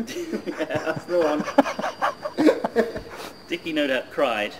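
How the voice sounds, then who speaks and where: A man conducts a casual interview, offering brief, quiet interjections. His voice is heard from some distance off the mic, with clear background noise around it. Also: on the high side, sing-song, drawn-out words.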